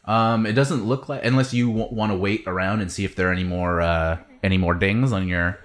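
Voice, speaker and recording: Low-voiced guy running a space rpg session, lots of ums, laid back. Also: a little fast. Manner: relaxed, many ums and uhs. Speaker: game master. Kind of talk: narrating a tabletop game.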